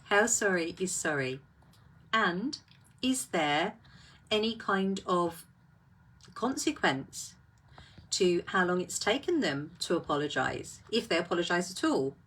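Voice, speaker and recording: A woman's voice: on the low side, sing-song, a little slow, long pauses, fairly bright tone, breathy edge. A woman hosting a casual live talk, reflective and full of rhetorical questions.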